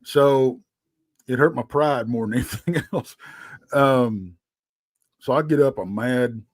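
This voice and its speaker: A man with a Texan accent, telling a story as a guest, rambling and halting with lots of fillers. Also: mid-range voice, dry recording. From Texas. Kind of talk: casual storytelling.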